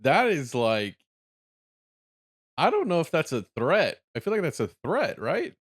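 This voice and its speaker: A man's voice: a little high, huge pitch swings, a little slow, breathy edge. A man hosting a reaction video, rambling through his thoughts with lots of restarts and easy laughter. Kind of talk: casual reaction commentary.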